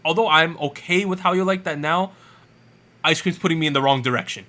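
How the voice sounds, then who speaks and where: A man co-hosting a casual podcast chat, trading quick, animated, jokey opinions. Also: a little high. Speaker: podcast co-host.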